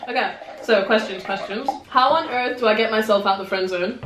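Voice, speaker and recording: A woman's voice: mid-range voice, brisk. A young woman hosting a casual chat, chatty and giggly with lots of fillers. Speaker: host. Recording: echoey room, faint noise.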